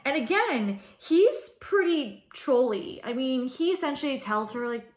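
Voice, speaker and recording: Woman, teacher, casual video lecture, chatty, slightly high voice, roomy echo. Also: measured pace, hardly any pauses. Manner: chatty and animated, many fillers. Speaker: high school English teacher.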